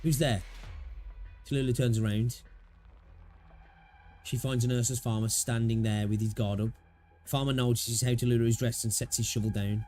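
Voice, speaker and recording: A man's voice: mid-range voice, steady tone, moderate pace, pauses often, warm tone, soft background music. A man hosting a gaming channel, reading a game story aloud with casual reactions.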